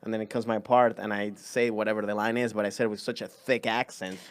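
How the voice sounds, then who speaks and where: A young man from Venezuela with a Spanish accent, a comedian telling stories in a rambling, animated way on a podcast. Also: fairly low pitch, fast talker, smooth. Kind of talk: casual chat.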